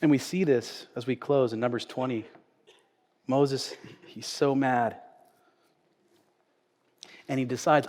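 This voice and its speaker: A male pastor preaching a sermon in a church sanctuary, conversational, swinging from loud emphasis to quiet asides. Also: medium pitch, fairly even intonation, takes it slowly, pauses often. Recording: echoey church hall.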